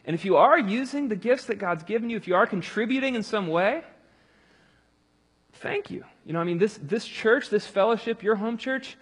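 A man's voice: sits high, lively intonation, moderate pace, slightly rough, in a large hall. A man preaching a conversational sermon, talking loosely with many fillers and restarts. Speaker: pastor.

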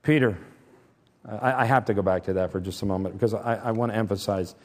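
A middle-aged man preaching a sermon, emphatic, shifting between loud stressed points and quiet asides. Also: fairly low pitch, fast talker. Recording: long reverb from a large hall.

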